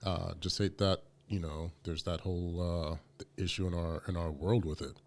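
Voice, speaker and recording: A man's voice: deep voice, fairly even intonation, moderate pace, a little mellow. A man co-hosting a podcast, talking casually and emphatically with many fillers. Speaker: podcast co-host.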